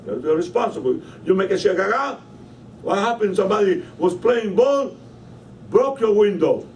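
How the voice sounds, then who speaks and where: High-pitched rabbi man teaching a class, keeps asking the room questions, mic set back from him, faint hum. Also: expressive, moderate pace, darkish tone. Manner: emphatic, questioning the listeners. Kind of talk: Torah lesson. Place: study hall. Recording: voice from a distance, faint room noise.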